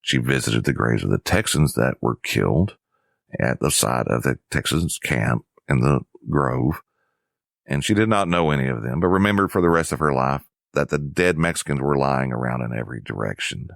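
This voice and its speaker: This history lesson is narrated in a somber, measured way by a man whose voice is extremely deep and low, creaky yet expressive. Recorded close and dry, it has no echo at all.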